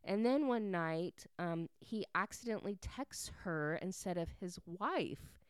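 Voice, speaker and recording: A woman's voice: fairly low pitch, lively intonation, measured pace, clear, resonant tone, no echo. A woman casually recapping a story plot to her viewers, chatty and full of "like" fillers.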